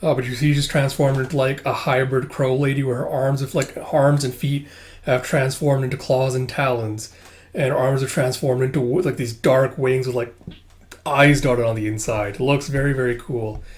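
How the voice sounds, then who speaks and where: A man's voice: medium pitch, fairly even intonation, moderate pace. A young man casually talking through a comic book, rambling with lots of fillers and the odd swear.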